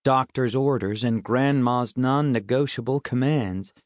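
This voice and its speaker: A man's voice: medium pitch, measured pace, dry recording, clean studio sound. A man reading a first-person middle-grade audiobook in a wry, conversational way. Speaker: audiobook narrator.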